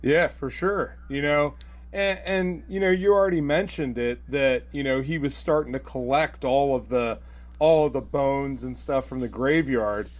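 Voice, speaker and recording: A man's voice: mid-range voice, a little slow. A man appearing as a guest on a podcast, talking in a rambling way with lots of "you know" and "right?". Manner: rambling, filler-heavy with tag questions. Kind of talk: casual podcast chat.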